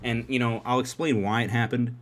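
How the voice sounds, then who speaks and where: A young man telling a story casually on a podcast, cursing freely and breaking into loud excited bursts. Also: medium pitch, fairly quick, faint music behind. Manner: animated, profane, swings into loud excited outbursts. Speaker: podcast host.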